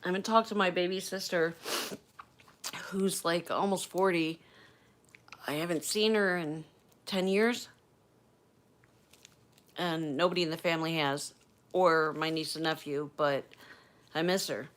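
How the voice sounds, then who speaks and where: Chatty emotional woman vlogger, lowish voice. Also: steady tone, measured pace, long pauses, a bit bright. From United States. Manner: chatty, emotional, talks to viewers by name. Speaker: livestream host. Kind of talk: casual livestream chat. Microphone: webcam or phone mic, moves off camera.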